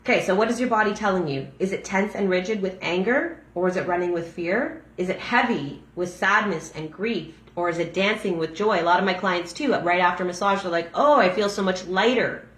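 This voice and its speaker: A middle-aged woman, a massage therapist, giving a reflective talk on a daily reading, speaking gently with frequent restarts and fillers. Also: fairly low pitch, brisk, hardly any pauses, roomy sound. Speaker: massage therapist and breathwork facilitator.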